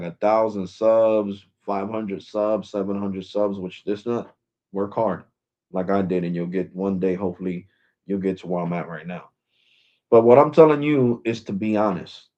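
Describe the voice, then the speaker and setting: A man with a fairly low voice rants to his viewers as a tech YouTuber. He talks emphatically, circles back and repeats himself, and the recording sounds dull and lo-fi. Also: dark tone. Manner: emphatic, repetitive, rambling. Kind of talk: casual ranting vlog.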